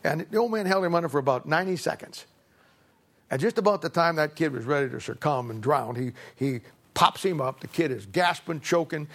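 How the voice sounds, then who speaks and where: A man's voice: on the high side, a bit bright. A male preacher telling a folksy story in his sermon, often repeating words as he goes.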